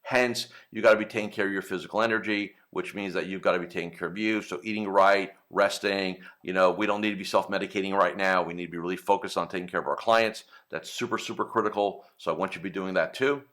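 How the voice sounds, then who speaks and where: Host, male, low register, casual coaching talk to advisors, tags lines with "right?" and "okay?". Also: steady tone, fast talker, few pauses, a bit bright. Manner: conversational, frequent "right?" and "okay?" tags, acts out client calls.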